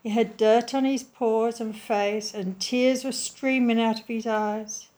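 A woman reading a children's story aloud in a slow, gentle, clearly enunciated way. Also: fairly high pitch, fairly even intonation.

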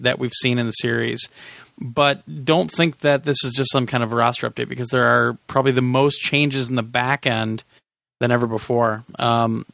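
Gravelly guy on a podcast rambling thru a game review, sarcastic, dry close sound. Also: mid-range voice, bright, forceful tone, no echo. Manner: rambling, sarcastic, self-correcting. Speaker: podcast host. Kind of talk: casual game review chat.

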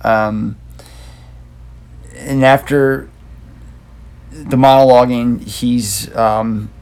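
Gravelly laid-back man reviewing movies. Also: mid-range voice, steady tone, very slow, a little mellow. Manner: loose, rambling, laid-back. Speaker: podcast co-host. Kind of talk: casual movie review chat.

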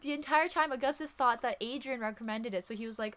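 A woman co-hosting a podcast in casual chat, retelling events with animated interjections. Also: a little high, fast, few pauses.

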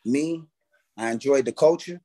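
An American guest artist tells stories in a relaxed interview, swearing freely and acting out how he used to react. His mid-range voice is mellow and moves at a moderate pace.

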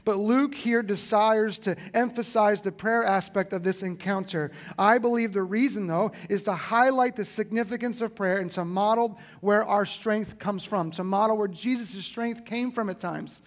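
A man with a high voice preaching a sermon. He speaks earnestly and repeats his key lines to drive them home. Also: moderate pace, few pauses. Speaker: pastor.

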